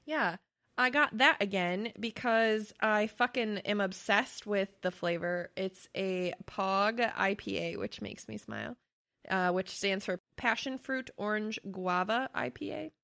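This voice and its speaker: Bright-voiced swearing woman podcaster. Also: mid-range voice, measured pace, gravelly. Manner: swears freely, laughs often, emotional. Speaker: podcast co-host. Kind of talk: casual chat.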